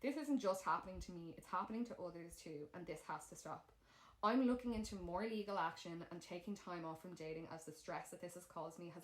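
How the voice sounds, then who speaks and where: A young Irish woman co-hosting a podcast in casual chat, blunt and swearing freely. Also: lowish voice. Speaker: podcast co-host. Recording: roomy echo.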